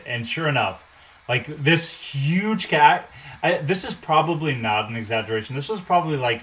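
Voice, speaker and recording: A man in his twenties telling a casual, animated story, swearing and acting out what people said. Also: medium pitch, low-quality recording. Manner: animated, swears, acts out quotes.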